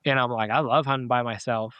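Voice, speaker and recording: Smooth-voiced man telling a dog story. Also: medium pitch, steady tone, fast talker, no room sound, dull audio. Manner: rambling, with many fillers and restarts. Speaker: podcast guest, dog owner. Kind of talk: casual storytelling interview.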